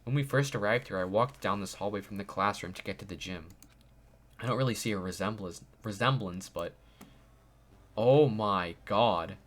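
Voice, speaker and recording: A man doing let's play commentary, excitable and loud, often laughing and reading the game's dialogue aloud. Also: lowish voice, a little fast. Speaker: gaming video creator.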